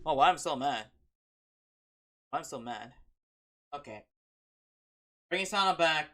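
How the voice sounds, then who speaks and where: A woman's voice: sits low, lively intonation, unhurried, fairly bright tone. A young woman streaming a game, chatting in a rambling way full of fillers and restarts. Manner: rambling, self-correcting, lots of "like". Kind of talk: casual gameplay chat.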